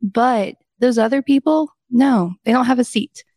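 A woman's voice: fairly high pitch, unhurried, a little mellow, dry recording, clean studio sound. Bubbly young woman who laughs a lot. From southern United States. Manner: bubbly, laughs often while telling stories. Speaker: guest, coaching company executive. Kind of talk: casual interview chat.

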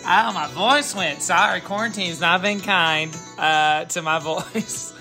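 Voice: mid-range voice, slow, music in the background. A performer putting on a famous singer's persona to announce a podcast outro, brash and rambling, swearing freely. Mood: brassy, rambling. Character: an over-the-top impression of a famous Christian pop singer. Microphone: home studio mic made to sound like a phone memo.

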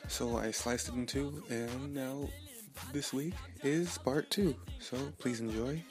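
A man's voice: medium pitch, over music. A man hosting a casual podcast, talking animatedly and laughing often as he recaps a story. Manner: animated, laughs a lot, acts out characters in quick voices. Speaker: podcast host.

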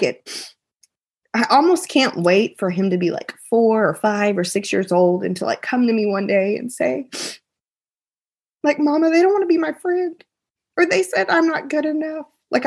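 A woman, a podcast guest telling an emotional personal story, animated and quoting people in a raised voice. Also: mid-range voice, creaky, husky.

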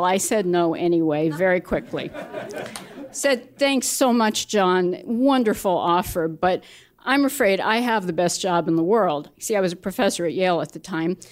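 Woman telling a true story on stage. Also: mid-range voice. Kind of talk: live personal storytelling. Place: small live venue.

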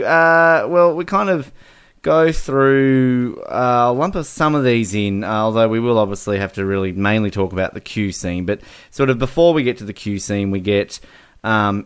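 A man's voice: medium pitch, a bit bright, clean tone. A man co-hosting a podcast, chatting casually about a film and laughing often as he retells scenes. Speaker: podcast co-host. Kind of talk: casual movie review chat.

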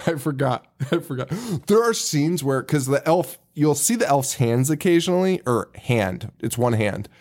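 A man in casual podcast chat, retelling movie scenes with mock quotes and frequent laughter. His pitch swings widely and his manner is loose and playful. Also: animated, moderate pace, few pauses, darkish tone. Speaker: podcast co-host.

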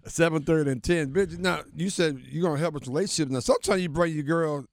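A man's voice: fairly high pitch, fast, no room sound. A man co-hosting a casual radio interview, laughing often and keeping things upbeat. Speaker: radio co-host.

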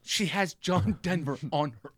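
A man's voice: a little high, measured pace, no room sound, clean studio sound. A man in his thirties telling a long comic story in casual chat, acting out what people said. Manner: animated storytelling, acting out quotes. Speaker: storyteller on a comedy podcast.

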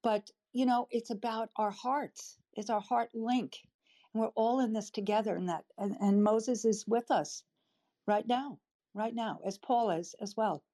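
Older woman, tearful and halting, mellow tone, heartfelt sharing. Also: on the high side, fairly even intonation. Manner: emotional, halting, warm-hearted. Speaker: audience member speaking up. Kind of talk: emotional personal sharing.

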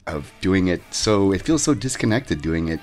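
A man co-hosting a podcast in casual chat, relaxed and wry, teasing his co-host. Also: sits low, normal speed.

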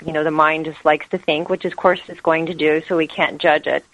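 A woman's voice: sits low, little pitch movement, brisk, fairly bright tone, low-quality recording. A woman yoga teacher, a guest in an interview, talking about spirituality in an earnest, flowing way. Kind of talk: interview answers.

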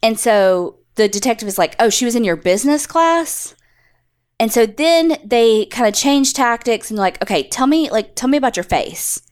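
A woman's voice: on the high side, animated, moderate pace, a little mellow. A woman co-hosting a podcast, telling a story in a casual, chatty way, swearing freely and acting out the quotes. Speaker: podcast co-host.

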